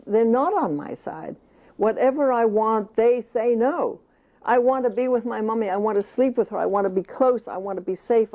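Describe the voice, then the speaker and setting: Older female author being interviewed: passionate and emphatic, with a warm, relaxed voice at a middling pitch. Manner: impassioned, emphatic, speaks at times as the baby. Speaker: author interviewed about child care. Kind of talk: interview answers.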